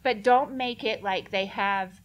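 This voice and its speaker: A woman's voice: medium pitch, measured pace, highs cut off. A woman speaking earnestly and directly in a casual question-and-answer session, laughing now and then. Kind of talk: casual Q&A talk.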